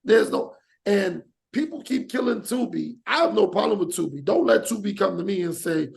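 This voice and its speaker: A man with a high, heavily gravelly voice hosts a casual podcast chat. He rants with energy and acts out examples mid-sentence. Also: normal speed. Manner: animated, rants with acted-out examples. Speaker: podcast host.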